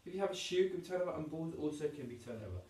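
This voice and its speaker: A man's voice: fairly high pitch, animated, very fast, a little mellow, slight background noise. Man, PE teacher, cheerful and encouraging, children's exercise class at home, echoey room, off-mic. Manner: upbeat, encouraging, demonstrating moves while talking. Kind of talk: home PE lesson for young children. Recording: roomy echo, voice from a distance.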